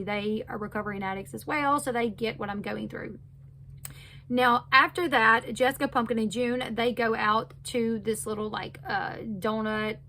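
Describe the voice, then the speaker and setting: A woman's voice: fairly high pitch, a bit bright, slight background noise. A woman recapping a reality show in a casual, chatty way, full of fillers. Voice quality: chatty, loose retelling with many fillers. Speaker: recap host.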